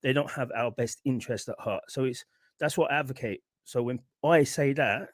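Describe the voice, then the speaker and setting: A man's voice: medium pitch, normal speed, dry recording. A man from England argues his case on a call to a talk show. He stumbles and restarts as he presses his points, and the recording sounds dry with no room in it. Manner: argumentative, repeats himself, stumbles over words. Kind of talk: heated debate on a call.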